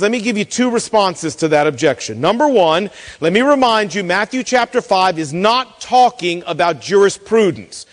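Male pastor, high lively voice, storyteller delivering a sermon in a reverberant hall. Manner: storytelling, animated, acts out quoted voices.

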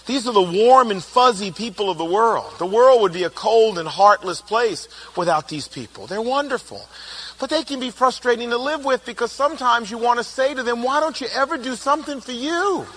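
A middle-aged man giving a humorous, animated talk, telling family stories and acting out quotes. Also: very high voice, normal speed. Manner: animated storytelling, playful, acts out quotes. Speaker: speaker on personality types.

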